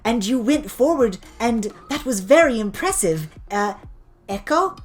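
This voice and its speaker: A woman voicing a giddy winged teenage girl in a tabletop role-play, chattering excitedly and a little breathless. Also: on the high side, a little slow, soft background music, pitched above the performer's own voice. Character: giddy winged teen girl superhero student.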